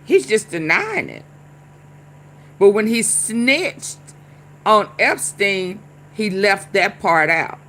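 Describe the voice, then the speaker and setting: A woman's voice: medium pitch, sing-song, slow pace, long pauses, pushed and bright, a little hiss or hum. A woman hosting a casual commentary show, talking back at clips in a drawling, repetitive way. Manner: drawling, talks back at clips, repeats herself.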